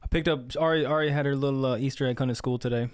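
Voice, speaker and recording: A young man with a smooth, clear voice, chatting on a podcast in a loose, casual way. He tells a story and acts out the lines his kids said. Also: mid-range voice, fairly even intonation, very fast. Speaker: podcast co-host.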